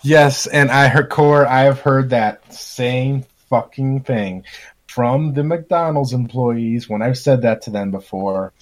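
A man's voice: mid-range voice, slow. Blunt, profane man ranting casually. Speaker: podcast host. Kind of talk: casual chat.

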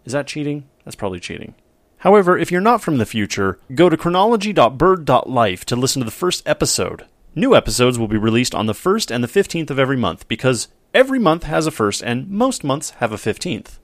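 A man's voice: medium pitch, sing-song, fairly quick, no room sound, studio quality. A man hosting a podcast, chatting casually in a wry, self-deprecating way. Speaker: podcast host.

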